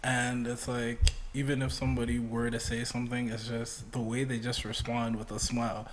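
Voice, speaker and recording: A man who works as a barber, chatting casually on a podcast as an animated storyteller. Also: medium pitch, normal speed, slight background noise, rough recording. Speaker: barber guest. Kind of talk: casual chat.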